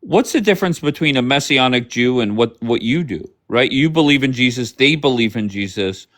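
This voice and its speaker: A man's voice: medium pitch, animated, normal speed, fairly bright tone. A man hosting a casual live stream, asking rambling questions with many fillers.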